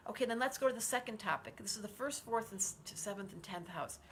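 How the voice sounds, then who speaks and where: A woman's voice: mid-range voice, fast, a bit bright, a little hiss or hum. A woman in her sixties hosting a live stream as an astrologer. She is effusive and encouraging, reads viewer comments aloud and leads group breathing. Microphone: livestream setup.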